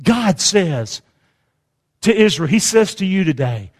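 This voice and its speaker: High, lively preacher in a reverberant hall. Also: male voice, unhurried, slightly rough. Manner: call-and-response preaching, swings from hushed to shouting. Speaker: pastor. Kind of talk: sermon. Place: church sanctuary.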